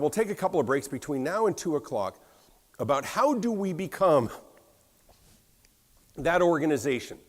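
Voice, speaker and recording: An American man giving a conference keynote, telling a story in an animated way, slightly hoarse from a cough. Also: fairly high pitch. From United States. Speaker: keynote speaker. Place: large conference hall. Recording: reverberant hall sound.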